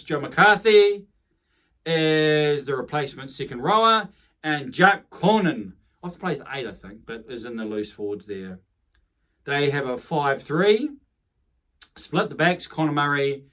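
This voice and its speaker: A man's voice: medium pitch, lively intonation, a little slow, fairly bright tone. A man with a New Zealand accent giving a casual, rambling rugby match preview, correcting himself and adding chatty asides. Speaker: rugby commentator.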